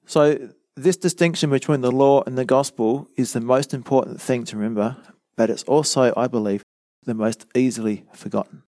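Delivering a teaching sermon with earnest emphasis, this preacher leans on rhetorical questions, repeated lines, and acted-out quoted voices. He speaks at a moderate pace with a steady, warm, mid-range voice, recorded dry in studio quality.

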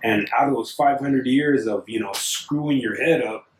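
Man, mid-pitch, earnest and halting, echoey distant recording. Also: slight background noise. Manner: halting, filler-heavy, earnest. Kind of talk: casual conversation. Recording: echoey room, distant mic.

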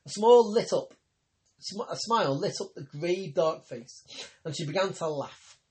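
A man narrating a novel in a measured, steady reading voice. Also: sits high. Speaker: audiobook narrator.

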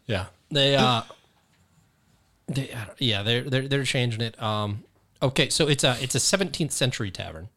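A man's voice: medium pitch, moderate pace, pushed and bright. An American man hosting a casual podcast chat, swearing freely and reading out news items. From United States.

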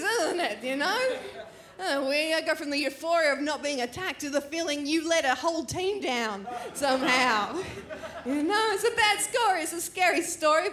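High-voiced Australian woman doing stand-up. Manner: animated storytelling with playful put-on voices. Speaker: stand-up comedian. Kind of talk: stand-up comedy set. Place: comedy festival stage. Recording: echoey venue with faint audience noise.

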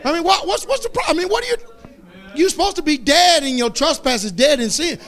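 Stretching scripture into slow shouts, this pastor delivers a fiery sermon and questions his congregation. His voice is very high and expressive.

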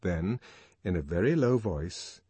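Husky male audiobook narrator. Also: sits low, animated, unhurried, warm tone, no room sound. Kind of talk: novel reading.

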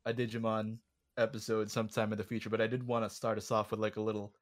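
A man co-hosting a podcast, laid-back and affirming as he chats and sets up segments. His voice sits somewhat low. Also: little pitch movement, quick pace. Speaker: podcast co-host. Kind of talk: casual chat.

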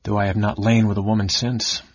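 A man's voice: fairly low pitch, level tone, a little fast, slightly rough, no echo. A man reading the part of a grieving young nobleman and knight who turned bandit, speaking bitterly and grimly. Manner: bitter and grim. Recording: dull lo-fi recording.

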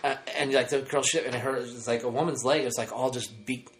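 A man's voice: medium pitch, fairly even intonation, a little fast, a bit bright, a little hiss or hum. Rambling, frank male podcast host. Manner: rambling, self-mocking, loose and frank. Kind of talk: casual chat.

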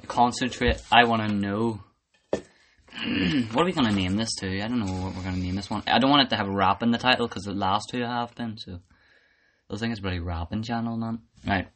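Lively young man, bright voice. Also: fairly low pitch, a little fast. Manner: joking, laughs a lot, bossy. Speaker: podcast co-host. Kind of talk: casual chat. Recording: faint background noise.

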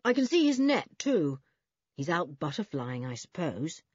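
A woman's voice: low voice, sing-song, a little slow, breathy edge, no echo, exaggerated voice. A woman voicing a sensible, level-headed boy who leads the group. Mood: observant. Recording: dull, dry recording.

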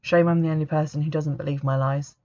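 A woman reading a first-person audiobook in a steady, measured way. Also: deep voice. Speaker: audiobook narrator. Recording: dull lo-fi recording.

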